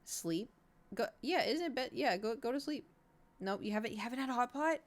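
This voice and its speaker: A woman's voice: on the high side, lively intonation, fairly quick. A woman streamer chatting casually with her viewers, rambling and poking fun at herself. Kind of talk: casual live-stream chat.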